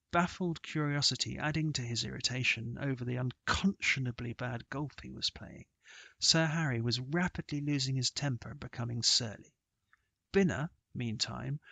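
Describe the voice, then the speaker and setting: A man narrating a scripted horror story in a measured, steady way. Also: mid-range voice, gravelly, dry recording.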